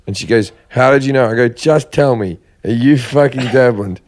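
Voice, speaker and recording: Man, mid pitch, casual crude chat, loose storytelling, frequent laughs. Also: normal speed, a little mellow. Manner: storytelling, laughs often, swears freely. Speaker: podcast host.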